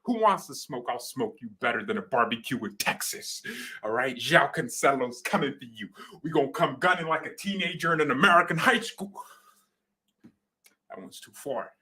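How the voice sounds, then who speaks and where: A man hosting a football fan channel, talking in an excited, joking way and sometimes shouting. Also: medium pitch, normal speed, slight background noise. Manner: hyped and joking, shouting at times. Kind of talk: excited casual commentary.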